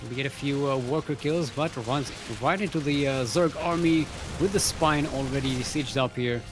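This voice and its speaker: A man's voice: mid-range voice, moderate pace, music in the background. A man casting a live strategy game match, chatty and self-mocking with trailing fillers. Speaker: esports caster.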